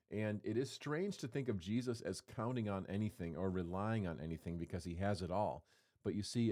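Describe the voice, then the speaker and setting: A man's voice: fairly low pitch, a little mellow. A man preaching a sermon in a conversational, playful way, acting out quotes as he goes. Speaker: pastor.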